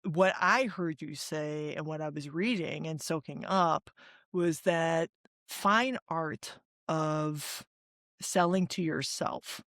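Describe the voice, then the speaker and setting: A woman's voice: low-pitched, slow pace, fairly bright tone, dry recording, studio quality. Affirming woman hosting a podcast. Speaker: podcast host. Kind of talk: podcast interview.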